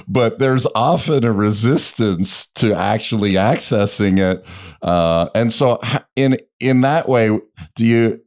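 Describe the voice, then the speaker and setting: Low-voiced male podcast co-host, casual and rambling, restarts his phrases. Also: a little mellow, clear, resonant tone. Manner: meandering, searches for words, restarts often. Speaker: podcast co-host, works with families on money.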